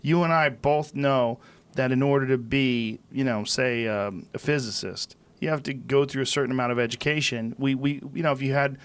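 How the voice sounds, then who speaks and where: Man hosting a casual podcast, mid-pitched, reflective and talkative. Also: fairly even intonation, moderate pace, clean tone. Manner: reflective, explains at length. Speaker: podcast host. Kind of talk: casual chat.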